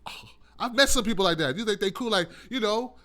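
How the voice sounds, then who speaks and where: Animated, high-voiced male talk host. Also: fairly quick. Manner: animated, rambling, profane, laughing. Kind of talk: casual monologue on a call-in show.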